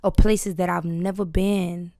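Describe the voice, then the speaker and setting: A young adult woman rapper telling lively stories with plenty of cursing in a casual interview. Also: on the low side, unhurried, no echo, clean studio sound. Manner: lively, profane storytelling with laughs.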